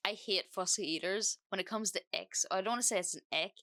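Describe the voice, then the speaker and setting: A young woman hosts a podcast and tells a breakup story, her mid-range voice brisk, bright, and forceful. She's chatty and frank, swearing freely and using many fillers.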